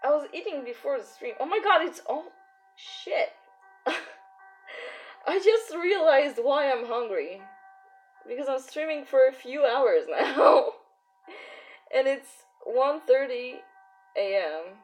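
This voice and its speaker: A young woman streamer chats casually while painting, giggling and filling her talk with "like". Her voice sits a little high and she speaks slowly. Soft music plays in the background. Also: expressive, poor audio. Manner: giggly, chatty, many fillers. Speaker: art streamer. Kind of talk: casual live-stream chat.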